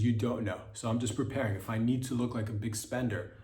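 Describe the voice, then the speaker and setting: A man in the middle of his pitch range rambles through a comedic solo podcast, looping back on himself with plenty of fillers. He breaks into lively mock quotes and exclamations. The room around him is noticeably echoey. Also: fast talker. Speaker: podcast host.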